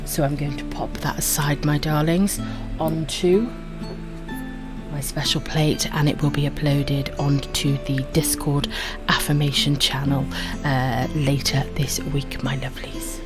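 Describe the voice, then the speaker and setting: A woman from Wales with a husky voice and a dry throat, chatting casually to viewers while streaming a game and calling them her darlings. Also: deep voice, level tone, a little slow, music in the background. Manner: affectionate, calls viewers my darlings.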